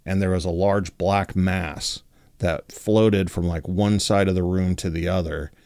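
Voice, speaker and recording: A man with a low voice tells a story in a loose, conversational way, full of filler words. The recording is dry and close, with no room echo. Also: a little slow, gravelly. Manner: relaxed, many fillers like 'like' and 'you know'. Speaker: podcast host. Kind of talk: casual storytelling.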